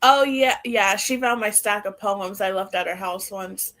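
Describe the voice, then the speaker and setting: A woman's voice: medium pitch, unhurried, fairly bright tone. A young woman co-hosting a podcast, chatting casually and laughing often between her sentences. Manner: laughs often while talking, lots of "like". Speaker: podcast co-host. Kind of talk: casual chat.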